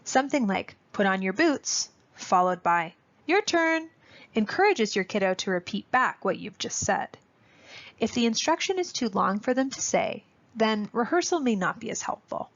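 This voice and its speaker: A woman with a gravelly, creaky voice presents a parenting webinar in clear, instructive narration. She speaks directly to parents in an even, scripted manner. The audio is dull and lo-fi. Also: medium pitch, normal speed. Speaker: speech-language presenter.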